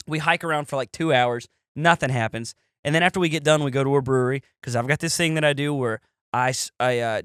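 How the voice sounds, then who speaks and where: In clean, dry studio sound, a young podcast host with a smooth, medium-pitched voice narrates a story. He keeps things casual and profane, animatedly voicing each quote in a different character.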